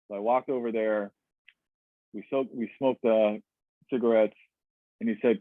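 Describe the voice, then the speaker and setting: A man's voice: lowish voice, steady tone, normal speed, no echo. A man telling a personal story as a webinar guest, candid and reflective, with many fillers and restarts. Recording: tinny dry webinar audio.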